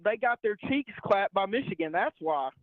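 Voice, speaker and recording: Caller putting on a brash fake Southern heckler. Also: male voice, high-pitched, lively intonation, normal speed, dry recording. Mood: dismissive. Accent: put-on Southern. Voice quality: mocking, profane. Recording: tinny phone line.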